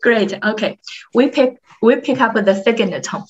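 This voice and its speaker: A woman's voice: a little high, moderate pace, muffled recording. A woman teaching Chinese tones over a call, patiently modelling each syllable for her student. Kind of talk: online tutoring session.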